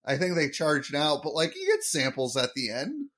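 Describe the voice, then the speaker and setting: A man with a fairly high, lively voice banters as a podcast co-host. He jokes, laughs easily and launches into explanations of trivia with lots of rise and fall in his pitch. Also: moderate pace. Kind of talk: casual episode recap chat.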